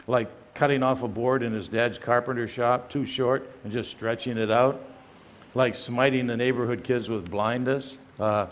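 An older man giving a firm, emphatic lecture as a guest speaker, often pausing with "uh" between phrases. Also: medium pitch. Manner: emphatic, many "uh" fillers, reads quotations aloud. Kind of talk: apologetics lecture.

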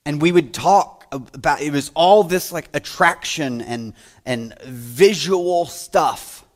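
A man delivers a sermon at an unhurried pace, his voice sitting a little high. He tells stories, jumping up loud for quoted lines and dropping to quiet asides. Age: adult, grew up playing school basketball. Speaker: pastor.

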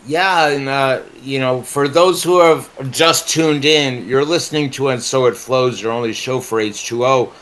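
A man hosting a talk show, speaking in a halting way with many pauses and fillers. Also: medium pitch, fairly bright tone, rough recording. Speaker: radio show host. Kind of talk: casual interview chat.

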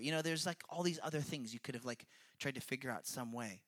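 A man's voice: a little high, fairly even intonation, quick pace, a bit bright. A man giving a casual, conversational sermon, reading scripture aloud and explaining it in an earnest, chatty way that keeps checking in with his listeners. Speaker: preacher.

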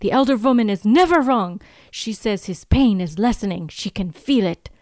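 A woman's voice: medium pitch, lively intonation, moderate pace, a little mellow, dry recording, studio quality, close to an everyday voice. A woman playing a stern, angry old foreign man in a heavy put-on accent, reading lines aloud on a podcast.

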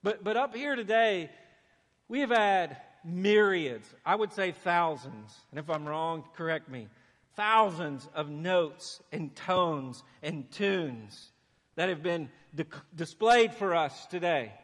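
A man preaching a sermon in a church, animated and acting out the voices he quotes. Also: on the high side, takes it slowly. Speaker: pastor. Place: church sanctuary. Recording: long hall reverb.

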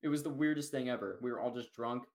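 A man's voice: mid-range voice, fast, a little mellow. A young man co-hosting a podcast, telling a story in a laid-back, chuckling way. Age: young adult. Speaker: podcast co-host. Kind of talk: casual chat.

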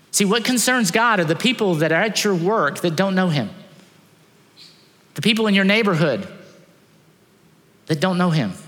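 A man's voice: high-pitched, a bit bright. A man pastor preaching a sermon, emphatic and full of rhetorical questions. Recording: long hall reverb.

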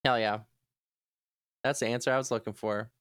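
A woman's voice: extremely low pitch, steady tone, moderate pace, clear, resonant tone. A woman co-hosting a podcast, chatting casually with wry, laid-back quips. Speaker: podcast co-host. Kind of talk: casual chat.

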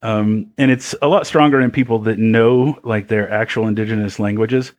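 A man's voice: lowish voice, steady tone, normal speed, a little mellow. A man who works as an audio engineer, chatting casually on a podcast in a laid-back, teasing way and telling wry stories. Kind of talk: casual chat.

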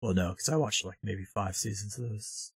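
Man, low husky voice, casual profane recapper, dry sound. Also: moderate pace, dry recording. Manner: profane, rambling movie recap with mocking impressions. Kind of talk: casual chat.

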